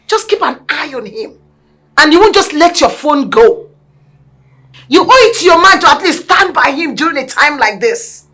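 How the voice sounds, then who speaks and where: A woman's voice: high-pitched, animated, moderate pace. An actress playing a mother scolding her son's wife. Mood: angry. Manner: scolding, shouting. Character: furious protective mother of sick son.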